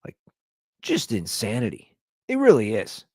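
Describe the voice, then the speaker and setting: A man in his thirties hosting his own podcast, telling stories in a casual comedic rant and jumping into high-pitched quoted voices. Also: wildly swooping pitch, a little slow, a little mellow, slightly rough, dry recording, clean studio sound. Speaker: podcast host.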